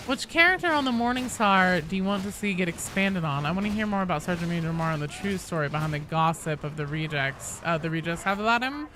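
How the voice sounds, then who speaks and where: Talking quickly and with hardly any pauses, a young woman with a lowish voice plays a game on a live stream. She chats casually and animatedly with her audience, cursing freely, over slight background noise.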